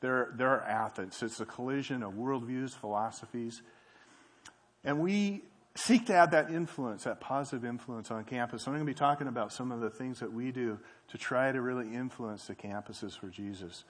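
Earnest man giving a church talk. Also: medium pitch. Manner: earnest, with frequent fillers and restarts. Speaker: campus ministry speaker.

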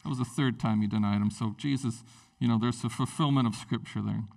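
A man preaching a sermon in a casual, animated way, with lots of fillers. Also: medium pitch, brisk, gravelly, distant mic. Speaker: pastor.

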